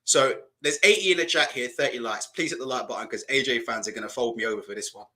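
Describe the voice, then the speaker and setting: A man's voice: medium pitch, quick pace, sharp tone. A man doing casual, mocking live-stream reaction commentary, asking rhetorical questions and laughing often.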